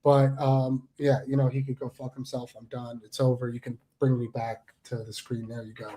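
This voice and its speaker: A man's voice: mid-range voice, level tone, moderate pace, heavy background noise. A man, a pro wrestler appearing as a guest, delivering a heated, profane, promo-style rant and repeating himself for emphasis. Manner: angry, profane, repetitive, with mocking voices.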